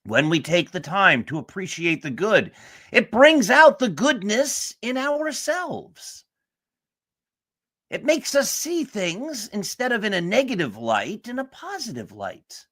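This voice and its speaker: A man's voice: sits high, very animated, slow pace, a bit bright. A man hosting a sports talk show, speaking in an earnest, emphatic way. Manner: earnest, emphatic motivational delivery. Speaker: show host.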